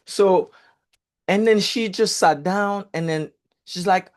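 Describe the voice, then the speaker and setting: A man's voice: high voice, takes it slowly. A man telling a personal story in a casual, chatty way, with swearing and filler words. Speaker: real estate group speaker.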